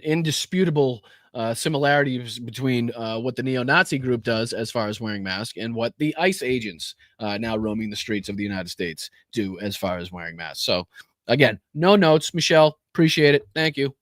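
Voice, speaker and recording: A man's voice: mid-range voice, a bit bright, dry recording, clean studio sound. A man with a Boston accent hosting a live stream and reacting to news clips, sarcastic, blunt and profane. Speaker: live-stream commentary host.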